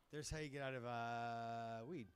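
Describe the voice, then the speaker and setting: A man's voice: medium pitch, smooth. A man doing a stand-up set, telling rambling stories and acting out voices and sung bits. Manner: rambling storytelling, acts out voices and sings bits. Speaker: stand-up comedian. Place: comedy club stage.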